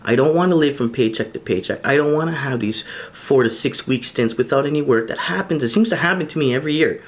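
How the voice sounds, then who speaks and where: A man speaking directly into a camera for his own video diary, earnest and a little pleading. His voice sits in a plain middle pitch, and he stumbles over restarts and fillers as he works his way to each point. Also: quick pace. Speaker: vlogger.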